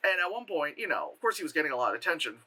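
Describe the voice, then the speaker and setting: A man vlogging in casual storytelling mode, animated and laughing, swearing freely. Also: a little high, racing. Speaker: vlogger and cosplayer.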